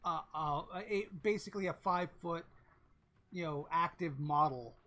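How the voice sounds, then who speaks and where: A woman narrating a tabletop game as game master, halting and full of restarts. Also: low voice, a bit bright.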